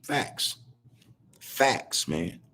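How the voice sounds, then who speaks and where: A man's voice: very slow, bright, forceful tone, a little hiss or hum. A man hosting a podcast on a video call, talking in a preachy, rambling, drawling way. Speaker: podcast host. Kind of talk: casual commentary.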